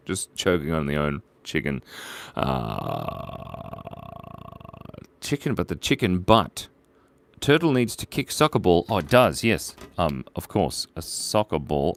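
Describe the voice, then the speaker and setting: Jokey guy drawing live for his viewers, lowish voice that bounces all over. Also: no room sound. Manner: playful, jokey, narrates while drawing. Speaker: livestream drawing host.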